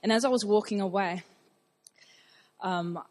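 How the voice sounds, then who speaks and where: A woman's voice: medium pitch, unhurried, darkish tone. A young woman telling her testimony at church in a casual, chatty way, with fillers and acted-out dialogue. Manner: chatty, many fillers and restarts, acts out dialogue. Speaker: church member giving testimony. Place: church service.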